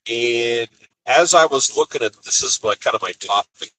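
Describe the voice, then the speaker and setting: A man's voice: medium pitch, lively intonation, normal speed, pushed and bright, slight background noise, rough recording. A man driving a cargo van, telling the story of his frustrating morning in an exasperated, casual vlog monologue. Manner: exasperated storytelling, acts out quotes. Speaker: expedite van driver. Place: inside a cargo van on the highway.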